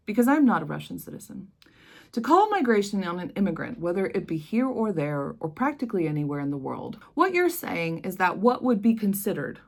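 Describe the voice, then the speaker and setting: With a medium-pitched, gravelly, darkish voice, an American woman speaks directly to the camera in a vlog. She tells a personal story as an emotional monologue, with impassioned, emphatic force.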